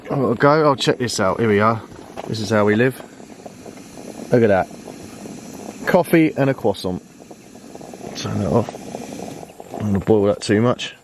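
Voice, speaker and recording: A man chatting casually to camera while fishing outdoors, relaxed and easygoing, calling his friend mate. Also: on the low side, normal speed, pauses often, slight background noise. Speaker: vlogger and angler. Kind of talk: casual fishing vlog chat. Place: lakeside fishing swim outdoors.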